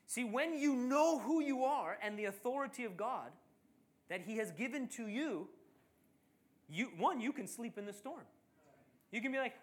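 This man's pitch is extremely high, though his pace is normal. He's preaching, bringing a Bible story to life with lively delivery and voicing the people in it.

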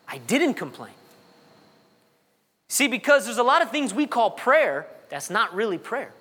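A pastor preaching an animated sermon. His voice sits high and rises and falls sharply, from loud peaks to low asides. It carries a long reverb from a large church hall.

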